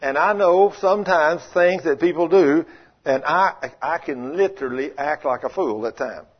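A man with a slightly high, husky voice delivers a story-filled sermon at normal speed. Folksy in manner, he acts out quoted voices and moves between loud scolding and hushed asides. The recording is muffled and lo-fi.

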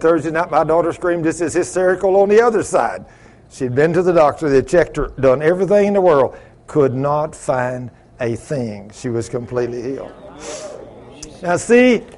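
A man's voice: fairly high pitch, lively intonation, normal speed, a little mellow. A man preaching to his church, telling a testimony and acting out the voices in it, with frequent rhetorical questions to the congregation. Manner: asks the congregation rhetorical questions, acts out quoted dialogue. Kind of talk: sermon testimony storytelling.

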